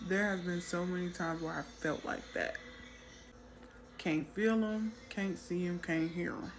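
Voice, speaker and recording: A woman telling a personal faith story in casual testimony style, animated when she quotes her young daughter. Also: fairly low pitch, a little slow, background noise. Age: adult mother. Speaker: Christian content creator.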